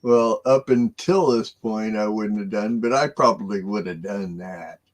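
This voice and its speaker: Slow-talking man with a halting, chuckling delivery. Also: on the low side. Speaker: co-host. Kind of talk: casual chat.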